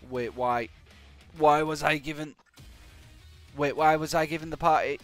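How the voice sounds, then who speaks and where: As he plays, a man streams jokey, sarcastic live commentary, animated and full of sudden exclamations. He speaks at normal speed in a slightly high voice, and faint background music can be heard.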